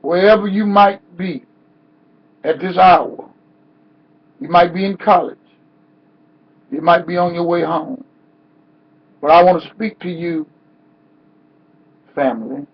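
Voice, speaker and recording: High, husky man making a slow, rousing speech. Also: steady tone. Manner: preacher-like cadence, rising to cries. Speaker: activist speaker. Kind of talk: impassioned protest speech. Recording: dull lo-fi sound.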